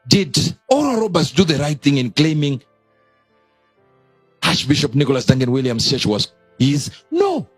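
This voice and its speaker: A man preaching with a husky, lively voice that leaps up in sudden exclamations and sinks low again. The sound is dry and close, with soft music playing underneath. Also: moderate pace, long pauses, no echo. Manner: animated, sudden high exclamations and drops. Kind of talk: sermon.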